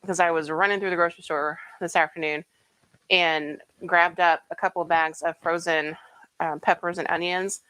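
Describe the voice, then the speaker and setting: A woman's voice: fairly low pitch, fairly even intonation, normal speed, a bit bright, low-quality recording. Chatty woman cooking at home. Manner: chatty, rambling, with many fillers and restarts. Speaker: home cooking show host. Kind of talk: casual cooking livestream chat. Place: home kitchen.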